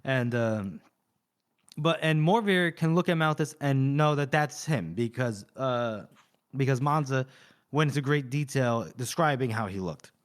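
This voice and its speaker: A man's voice: medium pitch, a little slow. A man co-hosting a podcast, casually retelling a story and acting out the quoted lines. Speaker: podcast co-host recapping a novel. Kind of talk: casual chat.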